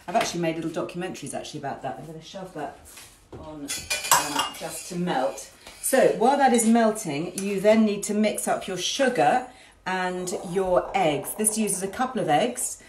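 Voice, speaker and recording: A woman's voice: fairly low pitch, moderate pace, background noise. A woman hosting a home cooking demonstration from her farm kitchen, chatting informally with cheerful asides. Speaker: cooking show host. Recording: roomy kitchen echo.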